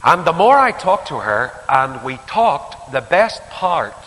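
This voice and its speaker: A man preaching a sermon, telling a story in an animated way and acting out the conversations. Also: a little high, slow pace. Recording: hall reverb with faint ambience.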